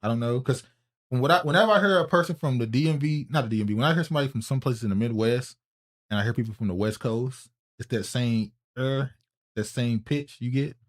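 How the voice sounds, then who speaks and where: A medium-pitched man from North Carolina, with a toned-down Southern accent, co-hosts a casual podcast discussion. His talk is loose and digressive, full of restarts, and he deliberately slows down for the mic.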